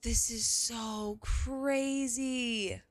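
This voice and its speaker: A young woman streaming a game, chatting casually and gushing with excitement, often exclaiming and swearing. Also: on the high side, extremely slow, dry recording, soft background music. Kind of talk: casual live gaming commentary.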